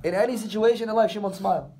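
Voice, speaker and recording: Brief: male rabbi, high voice, casual class talk to a small group of students, acts out what people say. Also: very fast, dark tone, a little hiss or hum. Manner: conversational, addresses students directly, acts out quotes. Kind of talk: informal Torah class. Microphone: camera recording the class.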